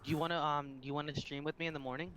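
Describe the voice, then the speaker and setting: A man's voice: a little high, flat delivery, racing, a bit bright, rough recording. A young man co-hosting a stream, telling rambling stories with a lot of swearing and laughing. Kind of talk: casual stream chat.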